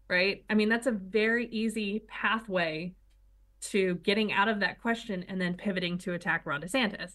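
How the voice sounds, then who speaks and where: A woman's voice: mid-range voice, moderate pace, a bit bright. Blunt, opinionated woman co-host. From United States. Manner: opinionated, blunt, talks in long runs. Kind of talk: casual political chat.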